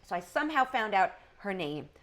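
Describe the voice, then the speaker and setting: A woman's voice: mid-range voice, brisk. A middle-aged woman, a comedian, telling a story on a casual podcast and acting out the people in it. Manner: animated, acts out the people in her stories. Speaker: guest comedian.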